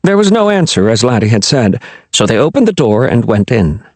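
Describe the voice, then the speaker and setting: A man reading a children's fantasy audiobook in an expressive storytelling manner. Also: medium pitch, fairly quick, dry recording. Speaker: audiobook narrator. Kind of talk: scripted narration.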